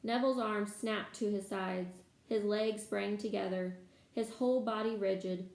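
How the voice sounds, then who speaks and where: A woman reading a novel aloud to listeners in steady storytelling manner, in an echoey room. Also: medium pitch, a little slow. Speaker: reader. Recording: echoey room, faint background noise.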